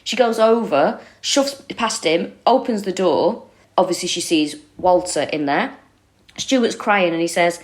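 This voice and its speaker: A woman's voice: mid-range voice, lively intonation, a little slow. A woman co-hosting a true-crime comedy podcast, retelling a case casually and expressively, with frequent exclamations.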